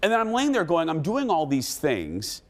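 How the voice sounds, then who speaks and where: A man hosting a talk show, telling a story in a casual, animated way and acting out what people said. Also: a little high, normal speed. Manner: animated storytelling, acts out quotes. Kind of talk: casual chat.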